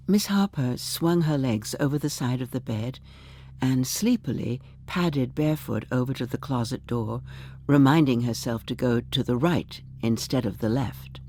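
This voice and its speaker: A woman reading a short story aloud in a measured, expressive storytelling manner. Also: extremely low pitch. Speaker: audiobook narrator.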